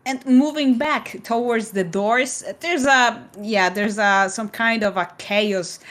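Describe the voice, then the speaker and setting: A woman's voice: fairly high pitch, slow pace, fairly bright tone. A woman with Polish as her first language, narrating a chaotic scene in a tabletop game with many hesitant fillers.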